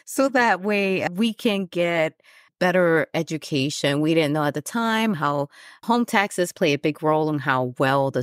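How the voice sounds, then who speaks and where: Woman host, low voice, candid solo podcast talk, dry close recording. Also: no room sound. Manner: candid, laughs at herself, frequent fillers. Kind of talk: personal reflective podcast talk.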